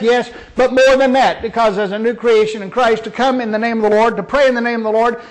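A man minister delivering a sermon with emphatic, dramatic storytelling. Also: high-pitched.

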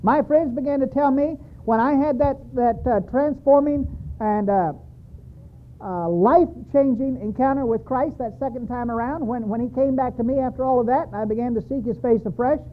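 High-voiced man preaching over a tinny line. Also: expressive, normal speed. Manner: emphatic, repetitive, storytelling. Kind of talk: sermon. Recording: tinny, phone-like sound.

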